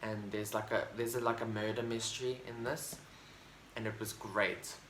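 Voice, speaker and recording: Speaking on the low side with a flat, slightly bright delivery at a moderate pace, a book vlogger rambles enthusiastically through a casual review chat, full of fillers and restarts. He's in a room at home with a bookshelf, with roomy echo and faint background noise on the recording.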